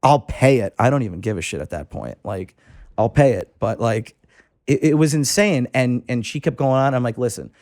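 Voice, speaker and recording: A man's voice: medium pitch, expressive, normal speed, a little mellow, no echo, clean studio sound. A man who is a fishing club member, a podcast guest telling a rambling, profane anecdote with frequent restarts. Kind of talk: casual storytelling.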